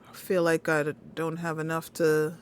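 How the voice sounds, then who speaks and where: A woman streaming a card game, muttering her moves quietly between bursts of loud laughing chat. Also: sits low, completely flat delivery, moderate pace, a little hiss or hum. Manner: mutters quietly while playing, then loud laughing banter. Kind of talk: casual gameplay commentary.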